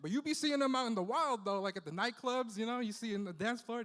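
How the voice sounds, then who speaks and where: A man's voice: extremely high pitch, fast talker, hardly any pauses, a bit bright. A man doing a loose, profane stand-up set in a comedy club, peppering his lines with "you know.". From Philippines heritage, Bay Area. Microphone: handheld stage mic. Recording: live club with long reverb.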